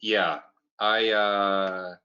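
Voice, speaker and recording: Playful Canadian comedian on a call. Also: male voice, lowish voice, flat delivery, drawn-out words, pushed and bright, clean tone, muffled recording. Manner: playful, rambling, jokey. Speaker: comedian guest. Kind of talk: casual interview chat.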